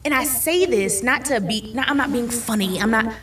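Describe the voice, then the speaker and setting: A woman's voice: on the high side, moderate pace, a bit bright, distant mic, slight background noise. A woman giving a candid faith testimony as an interview guest, earnest and repeating soothing reassurances.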